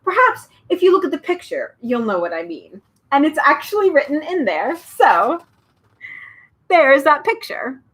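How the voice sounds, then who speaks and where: Animated woman reading a storybook aloud. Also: sits high, unhurried. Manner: chatty asides, animated. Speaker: storybook reader. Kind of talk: reading a children's novel aloud.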